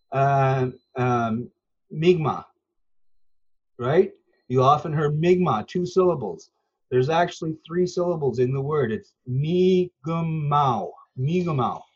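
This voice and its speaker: A man's voice: fairly high pitch, unhurried, husky. Patient, teacherly man on dull audio. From Newfoundland, Canada. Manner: patient, teacherly, hesitant fillers. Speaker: interview guest, language learner. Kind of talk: earnest conversational explanation.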